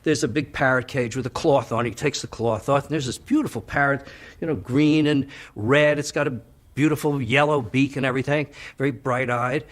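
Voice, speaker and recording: A man's voice: medium pitch, fairly even intonation, a little fast. A man telling a long joke, rambling with fillers and repeated "he says". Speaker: joke teller.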